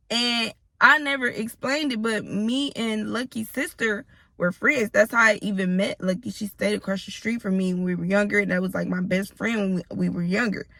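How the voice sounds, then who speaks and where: A storytime vlogger in her thirties, with a fairly high, creaky voice and a sharp tone, tells her viewers a personal story on a dry recording. She's blunt, profane and casual, often turning to address them directly.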